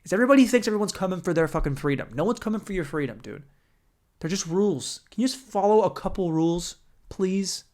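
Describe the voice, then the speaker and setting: Young male podcast host, solo comedic rant, profane and animated, slightly high voice. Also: fast.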